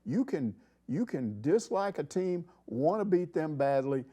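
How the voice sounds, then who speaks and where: Middle-aged male sports talk host, mellow low-key tone, opinionated and rambling. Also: big pitch swings, a little slow. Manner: rambling, opinionated, acts out quoted people. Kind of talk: casual sports chat.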